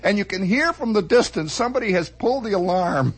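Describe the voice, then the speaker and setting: Husky, high-pitched male storyteller. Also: a little fast. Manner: animated, acts out sound effects and voices, many restarts. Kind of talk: comic storytelling monologue.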